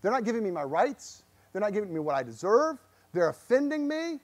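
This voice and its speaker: A man's voice: high voice, big pitch swings, brisk. A man preaching a sermon to his congregation as pastor, earnest, often repeating words and putting searching questions to the listeners. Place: church.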